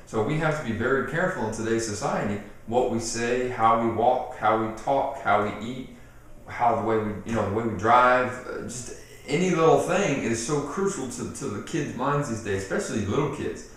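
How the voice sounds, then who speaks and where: A man giving casual parenting advice straight to camera, animated, acting out what people say and repeating himself as he goes. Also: medium pitch, moderate pace. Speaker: parenting video host. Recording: very echoey room, mic off at a distance.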